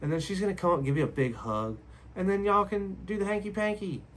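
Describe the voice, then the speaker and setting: Blunt male host, casual straight-to-camera rant, slightly higher voice, keeps circling back with rhetorical questions. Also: fast, a bit bright, a little hiss or hum. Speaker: relationship advice video host.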